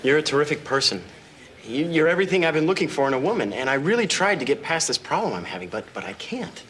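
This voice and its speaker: A man's voice: a little high, very animated, fast, background noise. An actor playing an earnest young boyfriend who stammers and apologizes as he breaks up with his date, in a sitcom scene. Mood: awkward. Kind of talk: sitcom acting. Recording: sitcom audio with loud audience laughter. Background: studio audience laughter.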